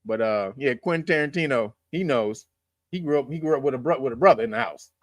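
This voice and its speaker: A man's voice: medium pitch, lively intonation, fast talker, no echo, clean studio sound. A man hosting his own channel, giving casual political commentary in a loose, profane, joking way and laughing at his own lines. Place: lives in California.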